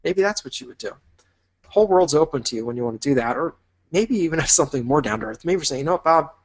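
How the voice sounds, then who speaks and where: A man's voice: on the high side, expressive, fast, a little mellow. Man walking the listener through a dream. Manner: paints vivid imagined scenes for the listener; upbeat and encouraging. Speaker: business instructor. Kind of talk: motivational teaching talk.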